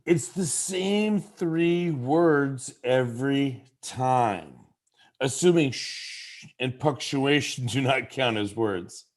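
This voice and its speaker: A man's voice: medium pitch, takes it slowly. A man giving a casual instructional talk about his game, playfully demonstrating different inflections. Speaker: game creator giving tips.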